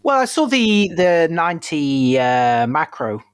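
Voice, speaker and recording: Man, Northern English accent, podcast guest, animated pitch, dry sound. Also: takes it slowly, clean tone, no echo. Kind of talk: casual chat.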